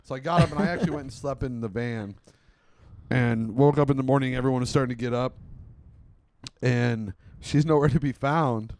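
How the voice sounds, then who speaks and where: A man's voice: medium pitch, brisk, a little mellow. A man in his thirties co-hosting a podcast, telling a rambling story with lots of swearing. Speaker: podcast co-host. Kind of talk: casual chat, storytelling.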